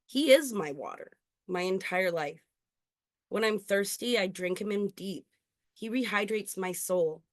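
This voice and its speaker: A woman performing her own spoken-word poetry at an open mic, earnest and intimate, slowing on key lines. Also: on the low side, dry recording, studio quality. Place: indoor open mic venue.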